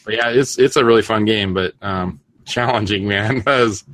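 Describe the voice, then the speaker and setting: Low bright-voiced podcast host man. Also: normal speed. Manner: rambling, restarts with many fillers. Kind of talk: casual chat.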